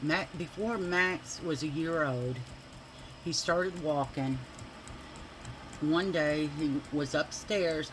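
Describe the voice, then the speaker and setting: Slow-talking woman telling stories. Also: deep voice, background noise. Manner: chatty, rambling, with many fillers. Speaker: makeup vlogger. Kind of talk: casual storytelling while doing makeup.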